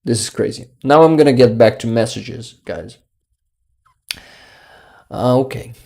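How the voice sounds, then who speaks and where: Slow, mellow-voiced man on livestream. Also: medium pitch, creaky. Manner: halting, searches for words, many fillers. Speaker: livestream host reading chat. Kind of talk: casual livestream chat.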